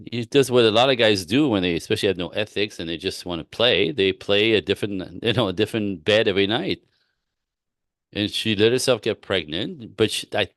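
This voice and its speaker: A man's voice: on the low side, a bit bright, dry recording, studio quality. A man coaching women on relationships in a live-stream talk, blunt and emphatic, often repeating himself and acting out both sides of conversations. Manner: acts out both sides of dialogue.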